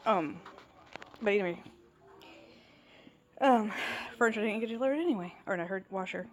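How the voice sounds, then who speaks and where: A woman in her thirties tells a workplace story in a casual vlog, speaking at a medium pitch and moderate pace. Exasperated, she rants and acts out what other people said.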